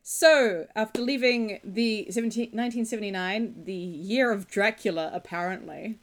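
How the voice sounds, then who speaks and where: A woman's voice: medium pitch, normal speed. Wry woman podcast co-host. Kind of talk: casual film chat.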